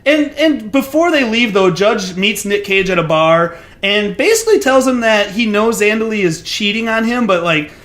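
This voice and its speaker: A man with a strikingly high voice co-hosts a podcast. He tells stories in an animated, casual way, swearing freely along the way. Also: normal speed, hardly any pauses, reverberant. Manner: animated storyteller, casual and profane. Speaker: podcast co-host. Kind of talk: casual chat.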